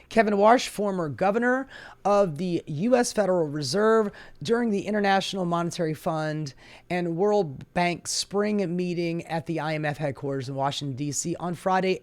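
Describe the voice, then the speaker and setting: A woman hosting a political commentary show, ranting in a sarcastic, profane way. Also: fairly low pitch.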